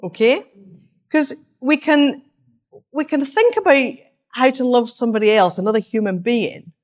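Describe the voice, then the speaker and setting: A woman preaching an interactive sermon. She talks in a conversational teaching manner, asking rhetorical questions and pausing to let listeners talk among themselves. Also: a little high, lively intonation.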